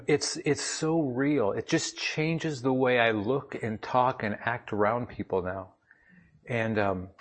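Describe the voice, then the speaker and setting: Husky man telling a plainspoken story. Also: mid-range voice. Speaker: lay speaker giving a devotional talk. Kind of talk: personal story sermon with scripture reading. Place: speaking up front to a gathering.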